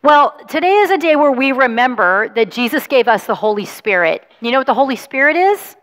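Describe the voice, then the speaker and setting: A woman pastor reading the gospel, then talking gently with children, coaxing and encouraging them. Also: sits high, lively intonation, fairly quick. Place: large church sanctuary. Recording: long reverb of a church hall.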